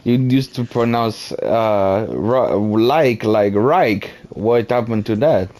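Guy in voice chat, stammering, keeps asking questions, lively voice. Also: on the low side, slow pace. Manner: repeated puzzled questions, stammering. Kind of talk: casual gaming voice chat.

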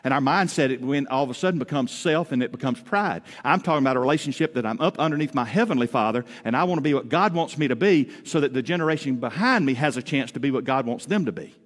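A male pastor preaching a Father's Day sermon, telling homey stories with humor and swinging between loud emphatic rises and quiet drops. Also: mid-range voice, lively intonation, fast, few pauses. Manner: folksy storytelling with humor. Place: church sanctuary. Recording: echoey church hall.

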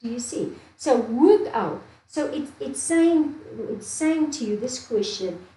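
A woman's voice: high-pitched, animated, slow, warm tone. A woman from Namibia teaching a maths lesson. She thinks aloud, repeats steps and keeps checking with "do you see?". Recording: echoey room with faint ambience.

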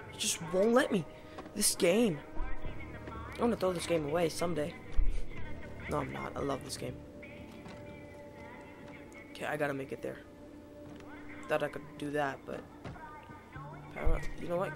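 A young woman talks her viewers through a game, exasperated and poking fun at herself. Her voice has a gravelly, fry-heavy texture. Clear game music plays underneath her home mic. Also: low voice, moderate pace, long pauses. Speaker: gaming channel host. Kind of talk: let's-play commentary. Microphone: home mic that cuts out.

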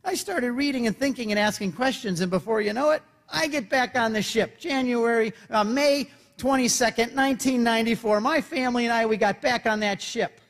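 A man giving an animated storytelling talk to an audience, acting out short voices as he tells it. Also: extremely high pitch, a little fast, hardly any pauses. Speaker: Catholic speaker. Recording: reverberant hall.

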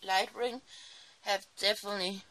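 A woman who vlogs about crafting talks at a moderate pace in a medium-pitched, steady, fairly bright voice. Sleepy in the early morning, she chats casually as she crafts in her small home craft room, rambling and tossing in apologetic asides.

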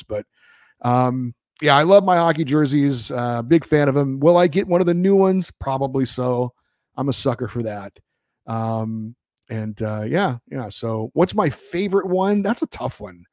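A middle-pitched man hosting a hockey fan podcast, talking in a loose, rambling way full of ums and restarts. He is close on the mic in a dry room. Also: lively intonation, moderate pace, a little mellow, no echo. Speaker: podcast host. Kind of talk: reading listener emails and chatting.

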